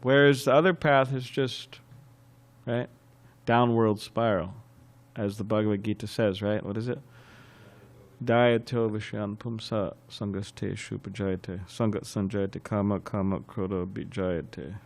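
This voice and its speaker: A man giving a scriptural class as a sermon, telling anecdotes in a lively way, chuckling and often restarting phrases. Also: fairly low pitch, measured pace, gravelly. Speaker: temple class speaker. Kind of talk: sermon with storytelling.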